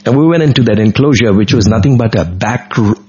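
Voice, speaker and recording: A middle-aged man, a guest in an interview, earnestly tells a devotional personal story in vivid detail. His voice is on the low side, darkish and slightly rough, and he talks fast. The recording sounds dull and lo-fi.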